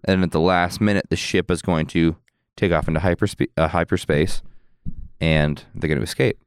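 A man co-hosting a casual podcast chat, recapping with animated storytelling. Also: low voice, moderate pace, smooth, dry recording, clean studio sound. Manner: animated storytelling with acted quotes. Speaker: podcast co-host.

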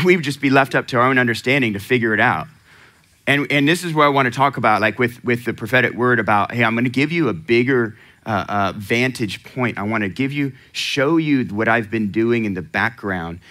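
A man's voice: medium pitch, a little fast, sharp tone. A man preaching a sermon in a conversational way, asking the congregation questions and laughing often. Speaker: pastor.

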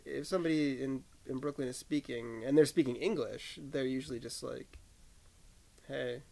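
Gravelly laid-back man chatting. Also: mid-range voice, fairly quick, darkish tone. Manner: laid-back, laughs often, trails off. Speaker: podcast co-host. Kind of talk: casual chat.

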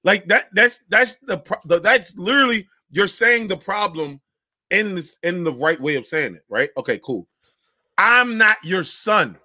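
A casual panelist talking over a video call, animated and full of slang. His voice sits a bit high and sounds bright and forward. The sound is dry and close, with no room around it. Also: a little slow, dry recording. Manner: animated, restarts a lot, slangy. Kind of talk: casual podcast chat.

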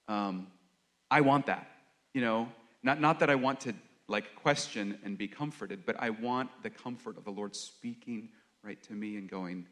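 Earnest man preaching in a low voice. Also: fairly bright tone. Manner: halting, with many pauses and fillers; earnest, confessional. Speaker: worship leader or preacher. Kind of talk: reflective sermon talk.

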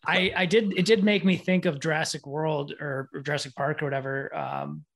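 A man's voice: on the high side, steady tone, brisk, gravelly, fairly bright tone. A man joining a casual conversation about a movie, easygoing and amused.

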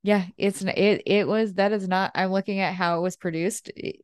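A woman's voice: medium pitch, fairly even intonation, smooth, no echo, studio quality. A woman co-hosting a casual movie-review chat, laughing often and chatting freely. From United States. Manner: giggly, chatty, quick to agree. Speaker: podcast co-host.

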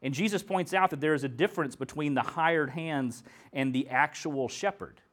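A man's voice: a little high, normal speed. A man preaching a sermon, reading scripture and then telling a story in an earnest, conversational way. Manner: earnest storytelling, some restarts.

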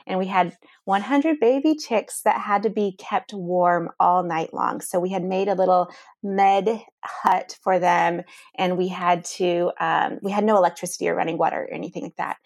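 A woman guest in a conversation, telling a personal story in an animated way, full of restarts and "like". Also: fairly low pitch, moderate pace, gravelly, dry recording, clean studio sound. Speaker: interview guest.

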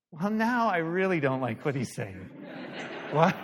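A man's voice: mid-range voice, lively intonation, normal speed. A male pastor preaching a sermon, telling a story animatedly, acting out the dialogue and laughing at himself. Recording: long hall reverb.

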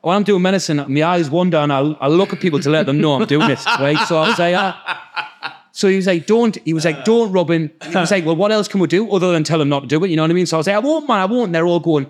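A man with a Geordie accent telling a story in casual chat, animated and swearing freely as he acts out the voices of others. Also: fairly high pitch, racing, hardly any pauses. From North East England. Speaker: podcast guest storyteller.

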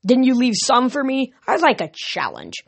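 A woman reading a storybook, voicing a feisty male satyr coach who yells and itches for a fight. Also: fairly high pitch, wildly swooping pitch, normal speed, gravelly, pitched above the performer's own voice, full character voice. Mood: combative. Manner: yelling, combative, eager for a fight.

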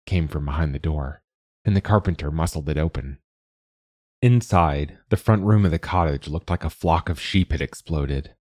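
A man narrating a story at a measured, even pace. His voice is very deep and sounds close and dry, with no room echo.

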